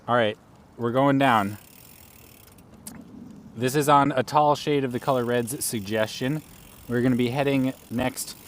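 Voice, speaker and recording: A man's voice: mid-range voice, a little hiss or hum. A man live-streaming outdoors while cycling through city streets, chatting casually with his viewers.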